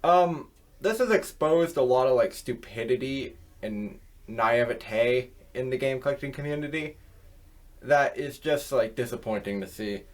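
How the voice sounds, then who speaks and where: A man's voice: mid-range voice, animated, unhurried. A man hosting his own channel, delivering a rambling, profane casual rant filled with fillers. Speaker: channel host.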